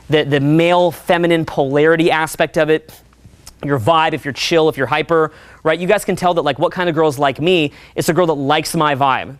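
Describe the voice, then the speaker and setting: A man giving a live seminar talk as a dating coach. He talks in a profane, energetic, chatty way and keeps checking in with the crowd. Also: fairly high pitch, no room sound.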